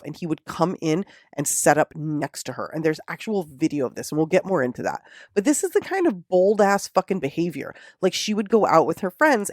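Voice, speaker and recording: Sounding outraged and cursing freely, this podcaster gives a lively, laid-back retelling of a true crime story. The voice sits in the mid range, and the studio audio is clean without any echo.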